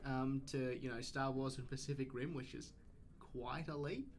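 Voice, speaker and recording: A man's voice: medium pitch, steady tone, normal speed, slight background noise. A man hosting a film podcast, chatting casually and giving blunt, opinionated verdicts. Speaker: podcast host. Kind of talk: casual chat.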